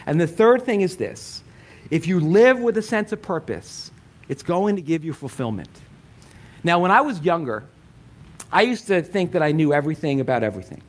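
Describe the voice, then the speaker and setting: A man's voice: a little high, sing-song, fairly quick. A middle-aged man preaching a sermon as pastor, conversational and playful, with frequent asides.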